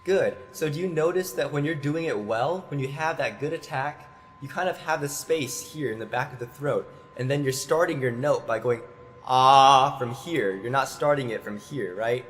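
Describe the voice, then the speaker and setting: Male voice coach, calm and explanatory, mid-pitched, demonstrates vowels in a lesson. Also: moderate pace, a little hiss or hum. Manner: patient, explains and demonstrates sung notes. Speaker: voice teacher. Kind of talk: online singing lesson.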